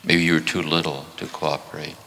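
A man's voice: a bass voice, level tone, brisk, vocal fry, bright, forceful tone, slight background noise. A man in his seventies giving a reflective spiritual talk, often repeating phrases for emphasis. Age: 70s. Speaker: spiritual teacher. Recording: long hall reverb.

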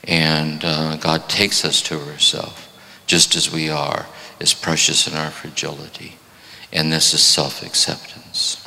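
A man's voice: rumbling low, monotone, measured pace, vocal fry, pushed and bright. A man in his seventies giving a reflective spiritual talk, often repeating phrases for emphasis. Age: 70s. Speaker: spiritual teacher. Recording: long hall reverb.

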